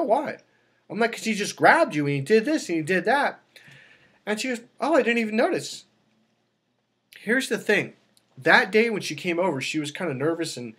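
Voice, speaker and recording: A man coaching on dating, telling a long personal story in a casual way and acting out the people in it with sudden high exclamations. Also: slightly rough. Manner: animated, acts out quotes with sudden high exclamations.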